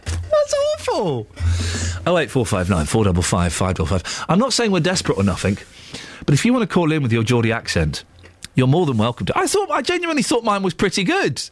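Male radio host, playful and teasing, very lively pitch, a bit high, dry studio mic. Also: quick pace, dry recording. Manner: playful, reads aloud mockingly. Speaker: radio presenter. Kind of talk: joking breakfast radio chat. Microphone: studio microphone.

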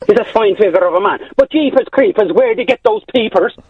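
A man's voice: high-pitched, animated, a little fast, husky, no echo, heavily acted. A male caller putting on an Irish accent, playing a jovial, teasing Irishman who banters and rambles. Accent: Irish, put on. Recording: dull phone-line call.

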